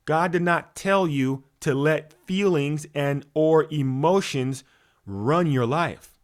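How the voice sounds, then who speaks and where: A man delivers a motivational teaching talk with a slightly high voice. He sounds preachy and animated, leaning on rhetorical questions, stumbling restarts and sudden shifts between loud emphasis and softer asides. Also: slow. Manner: preachy, repeats words, many fillers and rhetorical questions. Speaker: spiritual coach.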